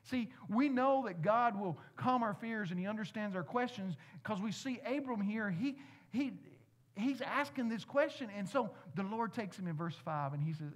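A man's voice: high-pitched, expressive, moderate pace. A man, a pastor, giving a conversational sermon, asking the congregation questions with playful asides.

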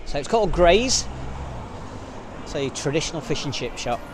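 A man's voice: on the high side, sing-song, normal speed, noisy background. Chatty man vlogging outdoors. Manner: chatty, rambling, lots of "so yeah" fillers. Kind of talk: casual walking vlog. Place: outdoors at a seaside resort street.

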